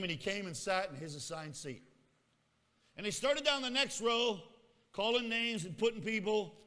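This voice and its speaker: A man's voice: sits high, fairly bright tone, big-room sound. A man preaching a sermon at a camp meeting, telling a story with acted-out voices and teasing asides to the congregation. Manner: storytelling, acts out the people in the tale. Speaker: pastor.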